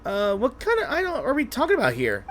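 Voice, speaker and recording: An excitable little floating girl chirps and squeals in a high, bouncing voice, as a man puts her on. She is bossy and easily panicked. Her pitch leaps up and down wildly. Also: quick pace, slight background noise, exaggerated voice. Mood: chirpy. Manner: squeaky, shrill exclamations.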